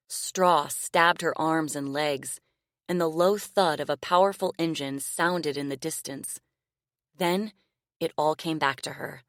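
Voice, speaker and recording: A woman narrating a novel audiobook in a measured, expressive reading style. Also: sits low, no echo, clean studio sound. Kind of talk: scripted narration.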